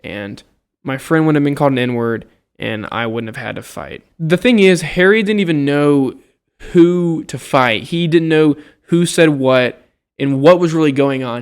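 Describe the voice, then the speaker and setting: Speaking unhurriedly in a smooth, fairly high voice, a young man recounts a college dorm argument to camera. He's exasperated, curses freely, and performs the other people's lines as a student telling a casual story.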